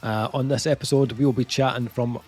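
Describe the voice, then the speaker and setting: A man's voice: mid-range voice, steady tone, fairly quick, darkish tone, slightly rough, faint music behind. A man co-hosting a casual podcast, often laughing through his lines. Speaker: podcast co-host.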